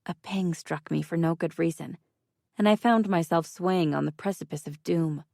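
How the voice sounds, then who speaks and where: A woman's voice: lowish voice, moderate pace, creaky, a little mellow, dry recording. A woman narrating an audiobook in the first person with a dry, wry delivery.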